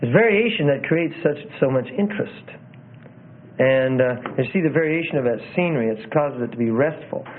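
This instructor explains sermon delivery casually, repeating phrases and correcting himself along the way. He has a mid-range, animated voice and talks fairly quickly. The phone-like, tinny recording carries a little hiss or hum.

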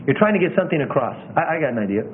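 An earnest man coaching preachers on delivery, his fairly high voice stressing words and pausing for effect. The sound is thin and tinny, like it's coming over a phone line. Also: very animated, creaky, slight background noise. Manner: earnest, demonstrates emphasis and pauses with his own voice. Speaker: preaching instructor. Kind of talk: teaching talk on preaching.

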